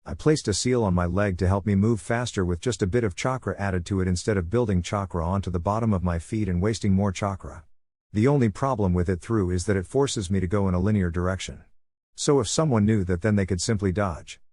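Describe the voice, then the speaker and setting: A man's voice: deep voice, a little fast, a little mellow, dry recording, clean studio sound. A man voicing an eager, boastful young ninja student in a read-aloud story.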